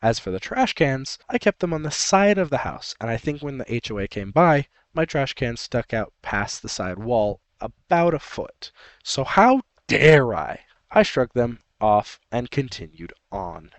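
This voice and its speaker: A man's voice: medium pitch, sing-song, normal speed, few pauses, dry recording. A man co-hosting a comedy podcast, reading a story aloud and riffing with jokes and laughter. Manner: laughs often, riffs on jokes.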